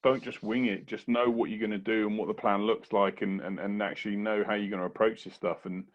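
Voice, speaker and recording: A man's voice: on the low side, little pitch movement. A man hosting an interview podcast, talking eagerly and tripping over repeated words. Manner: rapid, enthusiastic, repeats words when starting sentences. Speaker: podcast host. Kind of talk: casual interview chat. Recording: muffled lo-fi audio.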